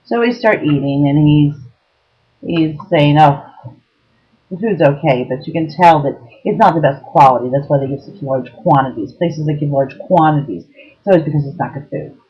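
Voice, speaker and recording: A woman telling a story to camera in a casual, blunt way, swearing freely and filling pauses with ums. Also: low voice, highs cut off. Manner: blunt, profane, lots of ums. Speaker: vlogger giving dating advice.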